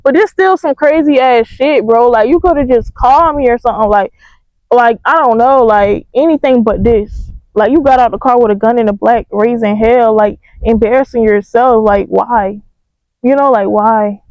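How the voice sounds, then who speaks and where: A young woman telling a storytime in a casual, profane, animated way. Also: on the high side, normal speed, no room sound, highs cut off. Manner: animated, profane, emphatic retelling.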